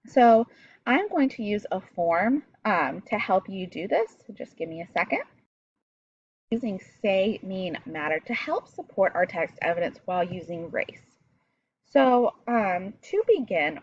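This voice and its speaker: A woman's voice: mid-range voice, big pitch swings, unhurried, husky, lo-fi sound. A woman teaching a recorded reading lesson, explaining step by step and talking directly to her pupils.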